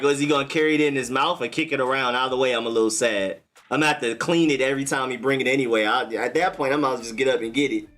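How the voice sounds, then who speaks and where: A young man in mid-pitch hosts a laid-back live stream from home, answering viewer comments one after another. He enunciates with deliberate care in his broadcaster voice, and soft music runs underneath. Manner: relaxed, chatty, answers chat comments one by one. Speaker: livestream host. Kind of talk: casual live-stream chat.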